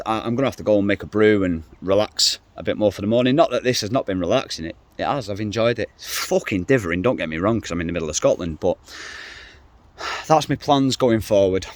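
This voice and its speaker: A man's voice: on the low side, no echo. A middle-aged man ranting to camera in a casual vlog, blunt, swearing freely and rambling. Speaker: vlogger.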